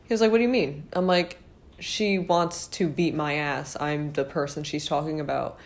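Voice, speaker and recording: A woman's voice: low voice, steady tone, normal speed. A young woman with a fading voice telling a personal story to her viewers in a rambling, chatty way, full of fillers and asides. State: losing her voice. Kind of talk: casual storytime monologue.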